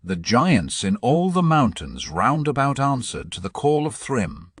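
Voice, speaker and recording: A man narrating a storybook audiobook in a measured, dramatic reading. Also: medium pitch, big pitch swings, slightly rough, no echo, studio quality.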